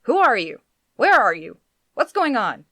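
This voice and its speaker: Woman playing an excitable alien guy, loud and lively, storybook read. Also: a little high, a little slow, no room sound, pitched above the performer's own voice, exaggerated voice. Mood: excited. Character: brash, excitable alien man. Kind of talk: live book reading.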